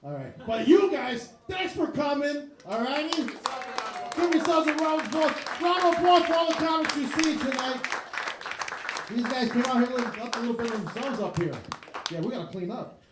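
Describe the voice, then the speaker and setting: A man's voice: very high-pitched, expressive, normal speed, echoey room, over a noisy crowd, heavy background noise. A man hosting a comedy show in a bar, loosely signing off with repeated "all right" and "cool.". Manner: loose, repetitive sign-off talk. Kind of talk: stand-up show closing. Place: bar stage before a live audience.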